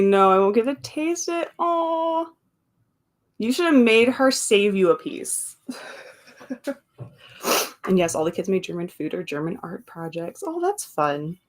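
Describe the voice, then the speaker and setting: A woman hosting a casual live stream, reading viewer comments aloud and chatting between them, laughing often and drifting into asides. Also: medium pitch. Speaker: livestream host.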